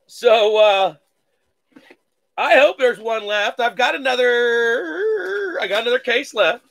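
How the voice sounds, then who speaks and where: A man's voice: high voice, a bit bright. A man hosting a live card-breaking stream, reading out pulls with hype catchphrases and playful mock-cursing.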